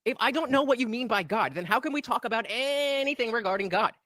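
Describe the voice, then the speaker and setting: A woman's voice: on the high side, lively intonation, quick pace, fairly bright tone, dry recording, clean studio sound. A woman hosting a live stream, heatedly commenting on a debate clip in a profane, exasperated, argumentative way. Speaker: streamer host reviewing a debate.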